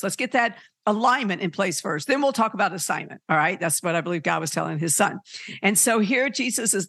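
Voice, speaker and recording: A podcast host preaching informally and earnestly, with lots of fillers, restarts and animated emphasis. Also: mid-range voice, a little fast, dry recording, studio quality.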